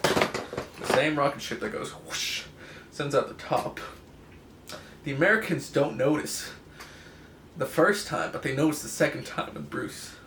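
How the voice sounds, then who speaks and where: A man's voice: mid-range voice, gravelly, noisy background. A young man in casual comic commentary, sarcastic and mocking, firing rhetorical questions, in an echoey room. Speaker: comic book reviewer.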